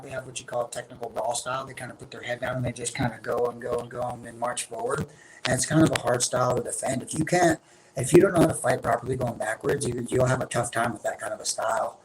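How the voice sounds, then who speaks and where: A man's voice: mid-range voice, fast talker, a crowd in the background, rough recording. A man in his thirties, a guest fighter in a casual interview, talking in long rambling runs with many restarts.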